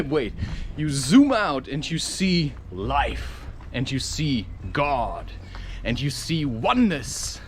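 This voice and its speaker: A man's voice: mid-range voice, sing-song, takes it slowly, a little hiss or hum. A man rambling through a spiritual monologue outdoors, laughing at his own points and acting out quoted voices. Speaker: spiritual talker. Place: outdoors, walking or climbing.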